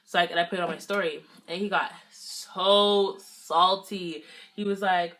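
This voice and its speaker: A woman's voice: lowish voice, steady tone, a little slow, fairly bright tone, a little hiss or hum. A young woman vlogger from the Los Angeles area, chatting casually through a storytime while getting ready, acting out quoted lines. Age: young adult. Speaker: beauty vlogger.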